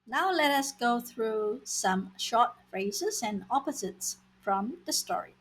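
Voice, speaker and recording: A woman teaching vocabulary in a scripted lesson, saying words slowly and repeating them for learners. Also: fairly high pitch, expressive, husky, poor audio. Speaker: language teacher.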